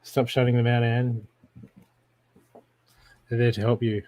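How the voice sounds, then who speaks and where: A man's voice: medium pitch, level tone, a little slow, warm tone, no echo. A man with an Australian accent, giving direct intuitive readings on a live stream and often checking in with the viewer. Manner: direct, keeps checking in with "okay?". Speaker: intuitive reader.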